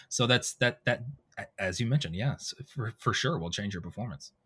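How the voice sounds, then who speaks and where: A man, a voice actor, telling animated stories in a casual interview and acting out quoted dialogue. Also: mid-range voice, moderate pace, breathy edge. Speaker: voice actor guest.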